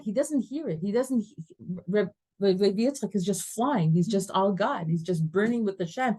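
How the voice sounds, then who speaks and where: A woman teacher giving a lively class, telling stories animatedly, laughing often and weaving in Hebrew terms. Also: mid-range voice, moderate pace. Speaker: Torah teacher. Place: classroom with students.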